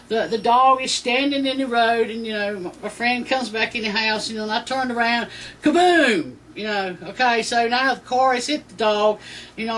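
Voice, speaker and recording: A woman's voice: a little high, fairly bright tone. A woman telling a personal faith testimony in a rambling way, full of "you know" fillers. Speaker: Christian testimony speaker. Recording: distant mic with faint background noise.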